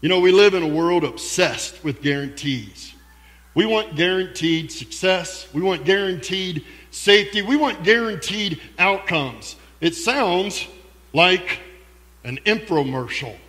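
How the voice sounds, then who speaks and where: An earnest male pastor preaching in a church, his voice bright and forceful with a slightly high pitch. He leans into slow, emphatic pauses, and a long reverb of a large hall carries every word. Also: animated. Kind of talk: sermon. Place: church sanctuary.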